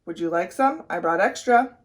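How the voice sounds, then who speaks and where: A woman voicing a cheerful young schoolgirl who insists on her odd sandwiches, earnest and bright. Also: on the low side, lively intonation, normal speed, lightly acted. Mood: insistent.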